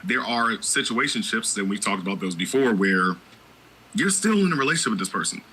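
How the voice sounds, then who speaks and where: A man's voice: on the low side, animated, fairly quick, pushed and bright, slightly rough, low-quality recording. A man hosting a podcast, talking candidly and with strong opinions, with frequent restarts. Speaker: podcast host. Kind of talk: casual podcast chat.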